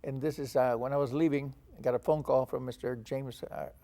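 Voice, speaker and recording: This older Texan from San Antonio, a veteran, speaks fairly quickly in a steady, gravelly, warm medium-pitched voice. He recounts his past for an oral history interview, performing the lines of dialogue he repeats.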